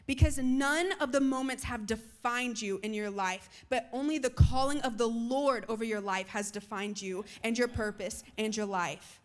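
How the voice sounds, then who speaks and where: A young woman preaching a sermon to students, moving between loud calls and soft, hushed lines. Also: fairly high pitch, moderate pace, hardly any pauses. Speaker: youth speaker.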